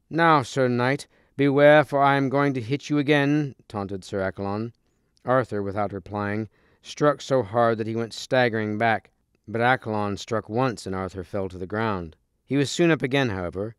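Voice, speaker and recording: A man reading a storybook aloud to listeners in steady, clear narration. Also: fairly low pitch, no room sound, studio quality. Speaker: reader.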